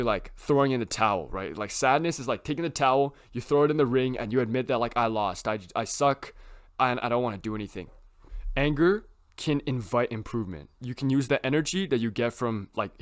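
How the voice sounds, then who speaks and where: A young man talking casually to camera about self-improvement, rambling with lots of filler words and tag questions. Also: medium pitch. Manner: rambling, heavy use of "like" and "right?".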